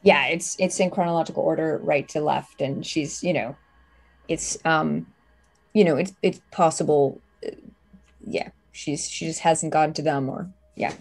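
A woman's voice: low-pitched, fairly even intonation, normal speed, creaky, darkish tone. A woman narrating a tabletop horror game as game master, describing the scene with hesitant fillers and restarts.

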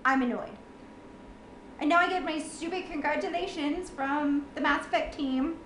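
High-voiced woman ranting in an echoey room. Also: moderate pace, fairly bright tone, slight background noise. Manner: exasperated, swears a lot, sarcastic. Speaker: gamer reacting to a game ending. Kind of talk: ranting reaction vlog.

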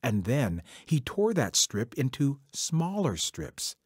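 Husky-voiced male storyteller. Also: medium pitch, very animated, slow, dry recording, clean studio sound. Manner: warm, conversational, addresses listeners directly. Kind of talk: oral folk storytelling for children.

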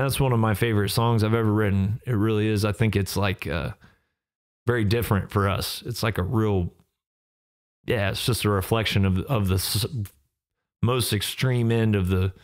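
Podcast host, man, thirties, lowish smooth voice, laid-back rambling delivery. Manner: relaxed, rambling, with frequent fillers and laughs. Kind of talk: casual solo podcast talk.

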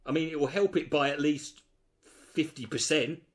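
A man's voice: a little high, normal speed. A man giving sweary, mocking reaction commentary on a video. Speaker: commentary host.

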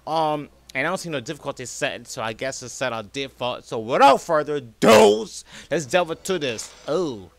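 A man's voice: on the high side, expressive, normal speed, gravelly, hardly any pauses, dry recording. A man in his thirties hosting a horror let's play, hyped and slangy, joking with his viewers. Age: 30s. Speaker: gaming channel host.

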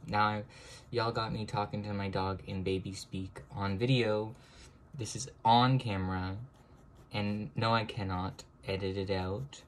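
A young man chatting casually to viewers as he draws, self-mocking, now and then breaking into high excited exclamations. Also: measured pace, a little hiss or hum. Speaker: drawing vlogger. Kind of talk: casual chat while drawing.

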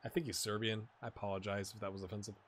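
A man giving casual, rambling commentary over a football management game, with sudden excited outbursts and a slightly rough throat. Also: on the low side, rapid-fire, slight background noise. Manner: rambling, excitable bursts over match play. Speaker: gaming commentator. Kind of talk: casual let's-play commentary.

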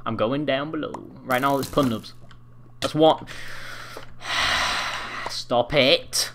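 A young man commentating his own game, rambling and swearing, breaking into angry yells. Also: medium pitch, slow, a little hiss or hum. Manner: swears a lot, rambling, bursts into angry yelling. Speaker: gaming commentator. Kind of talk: live gameplay commentary. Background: faint keyboard clicks and typing.

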